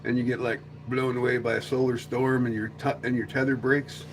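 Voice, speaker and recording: A man's voice: mid-range voice, level tone, fairly quick, slight background noise. A man hosting a casual livestream chat, rambling and joking, often slipping into silly voices. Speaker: livestream host.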